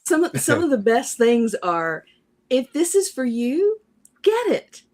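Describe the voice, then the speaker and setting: Southern-accented woman, podcast co-host, animated delivery, laughs a lot. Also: high voice, unhurried. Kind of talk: casual chat.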